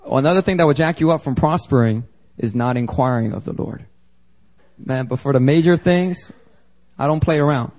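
A pastor from Philadelphia preaching a sermon to a congregation, emphatic and conversational, with slangy asides. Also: male voice, mid-range voice, moderate pace, a little mellow. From Philadelphia, United States. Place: church service before a congregation.

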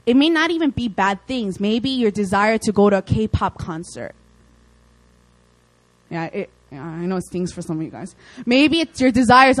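A young woman preaching a casual, lively sermon, with chatty asides and playful acted quotes. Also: medium pitch, normal speed, no room sound, rough recording.

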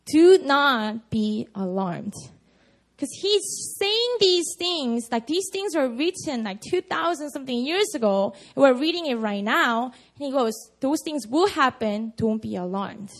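A woman preaching a casual, conversational sermon at a prayer meeting, full of "you know" and "like". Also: high voice. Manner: chatty, many fillers like "you know" and "like".

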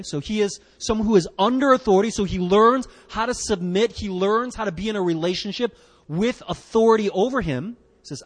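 Lively high-voiced male preacher. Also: long reverb tail. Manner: emphatic, asks the listeners "right?"; rhetorical questions, repeats key words. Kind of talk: sermon, Bible teaching.

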